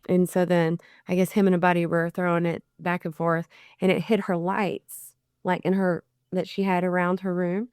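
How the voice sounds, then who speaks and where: A woman's voice: lowish voice, moderate pace, clean tone, no room sound, clean studio sound. A woman in her forties, a bereaved mother and podcast guest, telling stories in casual chat and acting out the people she quotes. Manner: chatty, animated when quoting others.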